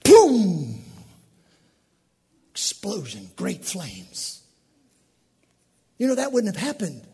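Male pastor, high and animated, preaching in a church with long reverb. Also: drawn-out words, creaky, long pauses, slightly rough. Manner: animated preaching with bursts of shouting. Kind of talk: sermon.

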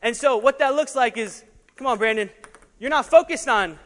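A man preaching an animated sermon as a pastor, laughing at himself and sometimes short of breath. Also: very high voice, normal speed. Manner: animated, laughing asides, juggling while preaching. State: out of breath at times. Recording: long hall reverb.

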